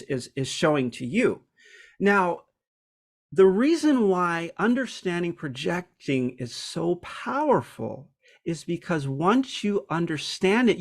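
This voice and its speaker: A man with a slightly higher-pitched voice talks through a personal topic in a relaxed, reflective monologue. He speaks candidly and hesitates often, filling gaps with ums and restarting his sentences.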